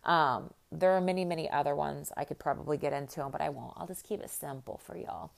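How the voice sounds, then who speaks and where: Chatty, upbeat Midwestern woman, lowish voice. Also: steady tone, fast, gravelly. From American Midwest. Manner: chatty and upbeat, lots of fillers like "like" and "you know". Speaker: podcast host and life coach. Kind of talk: casual monologue to listeners.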